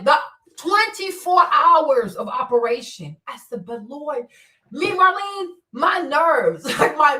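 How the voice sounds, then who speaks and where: High-voiced woman ranting in an echoey room. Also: recorded from a distance. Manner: animated, profane, swings between loud outbursts and mutters. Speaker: livestream host. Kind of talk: casual unscripted commentary. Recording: roomy echo, voice a bit off-mic.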